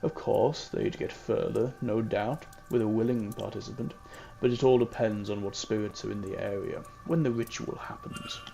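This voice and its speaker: A man voicing an eccentric older gentleman in a video game, who talks earnestly and drops low on his asides. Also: fairly even intonation, normal speed, creaky, a little hiss or hum. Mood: enthused.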